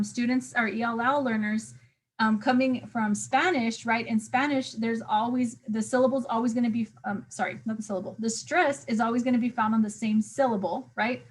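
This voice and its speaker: A young woman teacher giving a casual recorded review lecture to interns, with frequent fillers and "right?" check-ins. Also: fairly high pitch. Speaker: teacher trainer.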